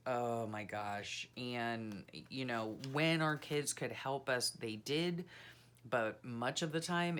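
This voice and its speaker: A woman's voice: rumbling low, fairly bright tone. A middle-aged woman chatting casually as she flips through her journal, giggly and full of ums and exclamations. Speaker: journaling channel host. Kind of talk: casual chat while flipping through a journal.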